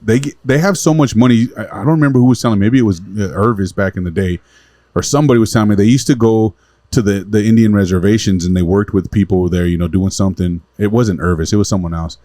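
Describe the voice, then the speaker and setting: A man in his forties hosts a casual podcast, racing through rough, profane stories. His voice sits a little low and moves fast. The mic is close and dry. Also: mellow, no room sound. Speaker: podcast host. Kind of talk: casual chat.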